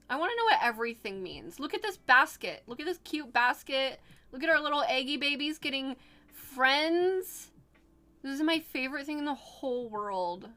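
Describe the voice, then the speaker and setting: High-voiced gushing young woman streamer. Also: normal speed. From Oregon, United States. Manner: gushing, excitable, chatty with viewers. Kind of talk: casual live-stream chat.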